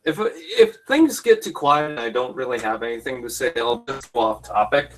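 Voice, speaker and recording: A man's voice: medium pitch, expressive, moderate pace, a bit bright, poor audio. A man giving casual, jokey commentary over a fan film, rambling and self-deprecating. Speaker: YouTube commentator.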